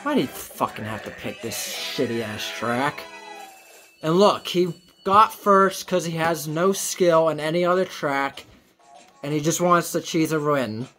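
A woman's voice: sits low, expressive, measured pace, fairly bright tone, soft background music. A woman recording gameplay commentary, swearing and ranting at the game.

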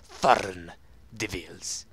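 A man putting on a slow, formal voice for a stern male official reading out a warning note. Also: low voice, fairly bright tone, slightly rough, no room sound, pitched below the performer's own voice, full character voice.

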